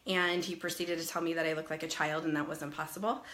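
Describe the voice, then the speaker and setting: A woman in her thirties chats casually on a live stream, greeting viewers individually by name. Her voice is bright and forward yet sits low with little pitch movement, and she talks fast, sounding a little nasal and breathless from a passing cold.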